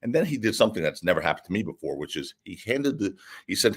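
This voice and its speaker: Guest attorney, male: low, slightly husky voice, swings widely in pitch, animated storyteller. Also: quick pace. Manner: animated, lively anecdote-telling. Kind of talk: casual interview storytelling.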